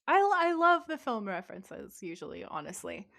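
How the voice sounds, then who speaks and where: A woman co-hosting a podcast, chatting casually and retelling a TV episode with animated quoted lines. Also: mid-range voice, fairly quick, vocal fry, dry recording, studio quality. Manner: animated retelling, quoting lines in mock voices. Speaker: podcast co-host. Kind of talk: casual chat recapping a TV episode.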